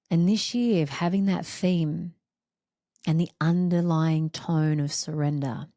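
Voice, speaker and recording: A woman's voice: low voice, steady tone, a little slow, dark tone, dry recording, studio quality. A woman hosting a reflective solo podcast, talking in an emphatic, repetitive, heartfelt way. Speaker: podcast host.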